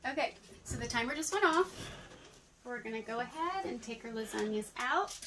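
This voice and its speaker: High-pitched lady doing a kitchen cooking vid, chatty step by step, kinda far off mic, noisy background. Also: brisk. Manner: chatty, talks viewers through each step. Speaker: home cooking host. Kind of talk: casual cooking demonstration. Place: home kitchen.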